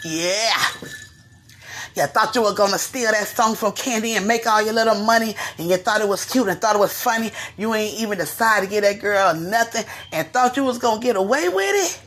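A woman host, giving sassy, animated gossip commentary straight to her listeners. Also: medium pitch, brisk.

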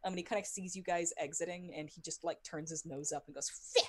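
A woman runs a tabletop game in a low voice, narrating scenes as game master. Her delivery halts on fillers and restarts. The sound is dry and close. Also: steady tone, darkish tone, no echo. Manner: halting, many fillers and restarts.

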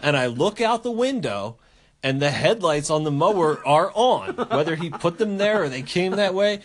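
A man's voice: fairly high pitch, moderate pace. A man hosting a podcast, telling a story in casual chat, swearing and acting out the people in it. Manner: animated, profane, acts out voices while telling stories. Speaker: podcast host.

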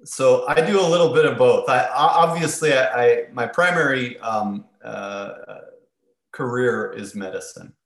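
A man who is a doctor and restaurant owner, talking as a podcast guest in a halting way with stammered starts. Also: mid-range voice, a bit bright, roomy sound.

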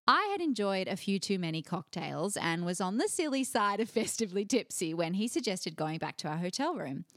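A young Australian woman co-hosts a chatty podcast, reading a listener letter with animated laughter. Her pitch rises and falls a great deal. The sound is close and dry. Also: no echo. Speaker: podcast co-host.

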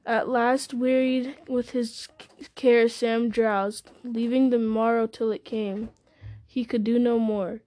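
Woman reading a novel, mellow tone. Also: fairly high pitch. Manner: steady, measured storytelling. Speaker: audiobook narrator. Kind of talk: reading a fantasy novel aloud.

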